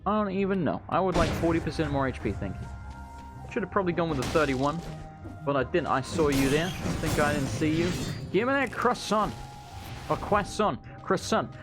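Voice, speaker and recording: Man, let's play commentary, rambling, lively pitch, fairly high voice. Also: fairly quick, music in the background. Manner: chatty, rambling, swears freely. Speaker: gaming channel host.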